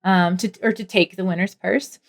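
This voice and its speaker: A woman's voice: mid-range voice, fairly even intonation, moderate pace. A woman narrating as game master of a tabletop game, rambling with lots of fillers. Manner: rambling, full of "like" and "um".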